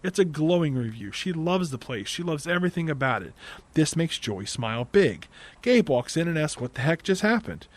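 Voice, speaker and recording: A tired man hosting a podcast, casually recapping a film's plot with dry, wry asides. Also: fairly high pitch. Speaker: podcast host.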